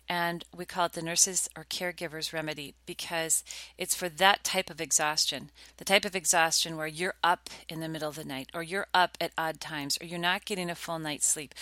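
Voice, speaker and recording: A middle-aged woman with a lowish voice hosts a talk show, heard in a dry recording. She chats casually and tells stories in a warm tone, acting out quotes along the way, in the role of podcast host.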